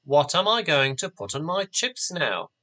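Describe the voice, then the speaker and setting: Cheeky girl assistant, raised pitch, bright and lively, a man putting her on. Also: a little slow, exaggerated voice. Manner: cheeky, mocking. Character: cheeky young female magician's assistant.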